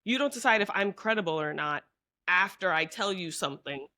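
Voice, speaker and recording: A woman's voice: fairly low pitch, animated, brisk, bright, forceful tone. A woman guest on a podcast, speaking earnestly in long, run-on explanations in casual conversation.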